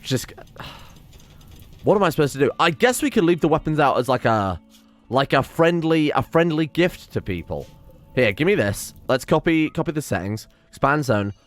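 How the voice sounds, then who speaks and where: A man's voice: a little high, very animated, normal speed. A man giving casual gameplay commentary as host, reacting aloud and swearing often as things go wrong. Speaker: let's play host.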